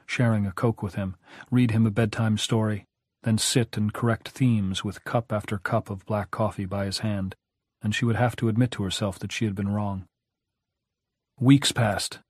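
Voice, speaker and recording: A man narrating an audiobook in a measured, even way. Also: on the low side, dry recording, studio quality.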